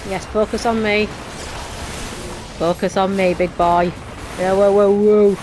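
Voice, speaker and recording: A woman's voice: medium pitch, flat delivery, measured pace, background noise. A woman with a Yorkshire accent chatting and rambling through casual gameplay commentary. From Yorkshire, England. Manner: chatty and rambling, with restarts and British slang. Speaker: let's play gamer.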